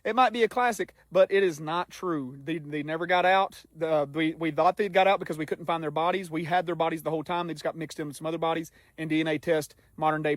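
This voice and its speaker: Fast-talking man telling a story. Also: high voice, no room sound. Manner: rambling, animated storytelling with many fillers. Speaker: vlogger. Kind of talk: casual storytelling to camera.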